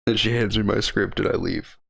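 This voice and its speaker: A young man co-hosting a podcast, telling a story in a casual, profane and animated way. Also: fairly low pitch, brisk, vocal fry, breathy edge. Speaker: podcast co-host.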